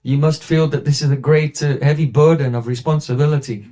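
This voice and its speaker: A man gives a relaxed devotional talk, spinning a story at an easy pace. His voice is mellow and dark, sitting a touch above a typical male pitch, and he drops lower when quoting others. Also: fairly quick. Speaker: spiritual teacher.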